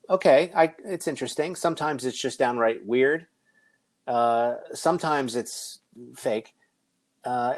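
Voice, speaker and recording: A middle-aged man giving a conference keynote, conversational with joking asides. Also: medium pitch. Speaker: conference speaker. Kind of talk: keynote presentation.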